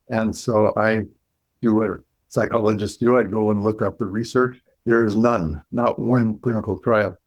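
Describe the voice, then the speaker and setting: A man with a lowish voice recounts his story at a measured, thoughtful pace, stopping now and then to restart a phrase. He sounds like a psychologist speaking as an interview guest. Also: steady tone, low-quality recording. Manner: measured and reflective, with pauses and restarts.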